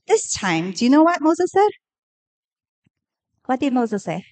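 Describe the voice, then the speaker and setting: A woman preaching a sermon in a lively, conversational way, asking the listeners questions. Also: a little high, unhurried, pauses often, low-quality recording.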